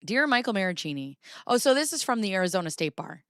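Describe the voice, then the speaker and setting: A woman's voice: medium pitch, sing-song, quick pace, a bit bright, no room sound, clean studio sound. A woman hosting a livestream, chatting with viewers and reading legal documents aloud, giggly and chatty. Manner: giggly, chatty, talks to chat. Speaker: livestream host.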